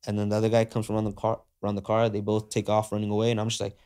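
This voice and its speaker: Man, podcast guest, lowish voice, slangy casual storytelling, acts out dialogue. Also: very fast, smooth. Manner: slangy, animated retelling that acts out quoted dialogue; frequent fillers like "like" and "uh".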